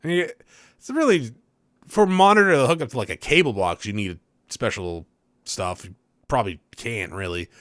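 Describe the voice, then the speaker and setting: A man's voice: mid-range voice, lively intonation, moderate pace, fairly bright tone, dry recording, clean studio sound. A young man rambling casually as he comments on a video game he is playing, laughing and correcting himself. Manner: chatty, rambling asides with laughs and self-corrections. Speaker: let's play host.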